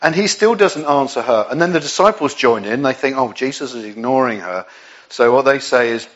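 A man's voice: medium pitch, lively intonation, moderate pace, fairly bright tone, muffled recording. An English man preaching a sermon in a conversational way, with frequent restarts and asides. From England.

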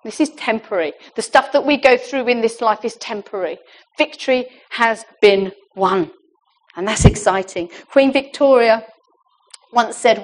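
High-voiced earnest woman preaching. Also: moderate pace. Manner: earnest, emphatic, with laughs and asides. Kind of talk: sermon.

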